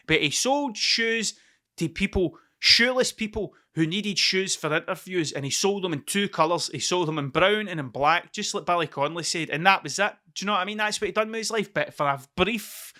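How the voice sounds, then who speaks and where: A man's voice: sits high, sharp tone. A Scottish man in his thirties hosting a podcast, telling a rambling story in a casual solo monologue, swearing heavily and repeating himself. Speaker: podcast host.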